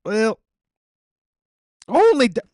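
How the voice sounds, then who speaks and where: A man's voice: very high voice, huge pitch swings, extremely slow, a little mellow, no echo, studio quality. A young man streaming a game, rambling casually and answering his chat as he signs off. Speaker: gaming streamer.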